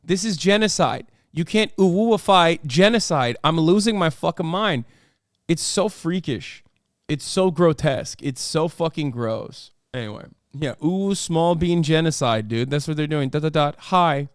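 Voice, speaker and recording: A man's voice: on the high side, normal speed, no echo, clean studio sound. A man hosting a stream, giving casual political commentary in a heated, profane way. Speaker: streamer host.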